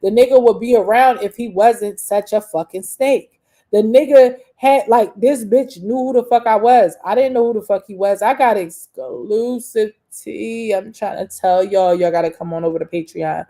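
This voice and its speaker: A young woman host rants to her listeners, cursing constantly and circling back on herself with restarts. Her voice sits mid-range in pitch with a warm, mellow tone. The delivery is combative and unscripted. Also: normal speed. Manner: profane, combative, rambling with many restarts. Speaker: podcast host. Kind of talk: casual rant monologue.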